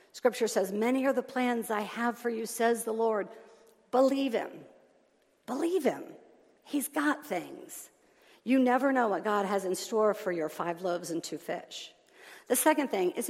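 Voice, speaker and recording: Woman preaching in an echoing hall. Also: a little high. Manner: animated, swings between loud emphasis and soft hushed lines. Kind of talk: sermon. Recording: long reverb of a large hall.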